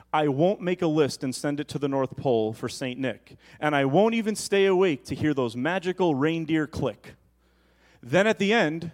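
A man preaches a relaxed, conversational sermon, teasing and addressing his congregation directly. His voice sits noticeably high for a man. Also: rough recording. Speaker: pastor.

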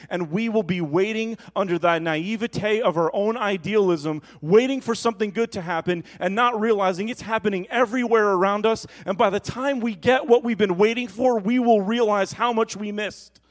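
A man's voice: high-pitched, poor audio. A male pastor giving a playful, conversational sermon with asides to the congregation.

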